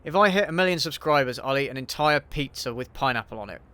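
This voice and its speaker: A man's voice: medium pitch, animated, fast talker, bright, forceful tone, no echo. A man hosting a casual livestream Q&A while he plays a game, answering chat in an offhand, sweary way and muttering to himself mid-game. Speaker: YouTube host.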